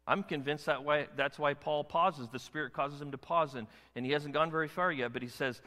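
A man preaching a sermon as pastor, animated and emphatic, with many rhetorical questions to his church. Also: on the high side, a little fast, few pauses. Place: church sanctuary. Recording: long hall reverb.

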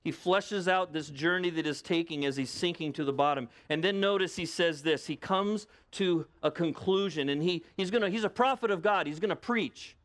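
A man's voice: fairly high pitch, normal speed, hardly any pauses, a bit bright. A man preaching a sermon as pastor in a conversational way, with lots of rhetorical questions to his listeners.

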